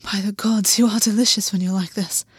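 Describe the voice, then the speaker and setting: A lazy, predatory waterhorse man, put on by a woman narrator, speaks in a low, teasing drawl that turns commanding. The voice sits in a middle register. The sound is dry, with no room around it. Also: steady tone, a little fast, slightly rough, dry recording.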